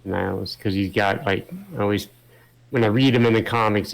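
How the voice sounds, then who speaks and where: A middle-aged man with a somewhat low voice chats casually through a co-op playthrough. He drifts into comic-book trivia in a relaxed, talkative way. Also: normal speed, vocal fry. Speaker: gaming channel host. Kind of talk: casual gameplay chat.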